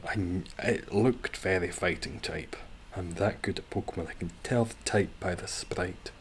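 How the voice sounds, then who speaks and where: A man's voice: deep voice, normal speed, slight background noise. A man streaming a game from home, rambling wryly and chatting with his viewers between moves. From Scotland. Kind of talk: casual livestream chat while gaming.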